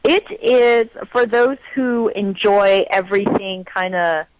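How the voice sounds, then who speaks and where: A woman co-hosting a casual podcast, excitable and gushing, rushing through her quoted asides. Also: medium pitch, no room sound, low-quality recording. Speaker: podcast co-host.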